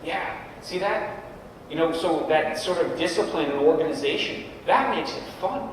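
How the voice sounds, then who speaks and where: A man's voice: fairly high pitch, normal speed, a little hiss or hum. A middle-aged man giving an informal talk to a group of coaches, often checking in with the audience. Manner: conversational, often adds "right?" to check in with the room. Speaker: guest speaker at a coaches' meeting. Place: large room at a meeting. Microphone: camera at a distance. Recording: echoey hall recorded from far off.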